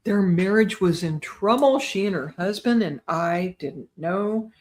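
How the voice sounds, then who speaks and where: An older woman with a voice of middling pitch talks as a guest on an interview show. She tells her stories in an animated, chatty way and keeps checking in with her listener. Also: a little slow. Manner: chatty, animated, tags lines with "right?". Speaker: guest psychic medium. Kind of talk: casual storytelling interview.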